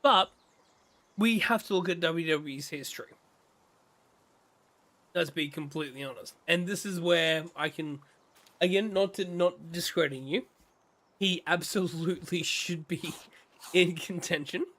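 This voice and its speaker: This man speaks a little high and a little slow, leaving long pauses. He's chatting on a casual game stream, ranting passionately about wrestling and acting out how others react.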